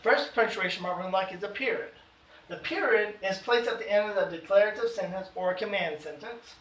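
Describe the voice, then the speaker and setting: A man teaching an adult education grammar lesson, slowing down to read out example sentences with emphasis. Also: sits high, fairly bright tone, a little hiss or hum. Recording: echoey room, voice from far off.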